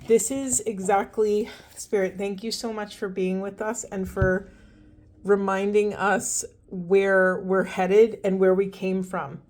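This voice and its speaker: A woman's voice: medium pitch, little pitch movement, slow pace, darkish tone. A woman giving an oracle card reading to her viewers, earnest and heartfelt, often stopping to restart her sentences. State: teary-eyed. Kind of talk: spiritual card reading to camera.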